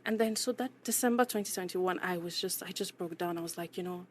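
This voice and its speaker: A woman's voice: lowish voice, quick pace, slight background noise. A woman, a guest on a talk show, telling a personal story in a candid, chatty way. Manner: candid and chatty, full of "you know" and "like". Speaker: podcast guest. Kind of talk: casual interview storytelling.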